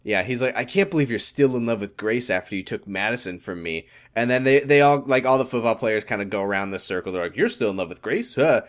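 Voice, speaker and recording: A man's voice: mid-range voice, expressive. A man co-hosting a podcast in casual chat, swearing freely and retelling scenes with sarcasm. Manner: profane, sarcastic, fast retelling with quoted lines. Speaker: podcast co-host.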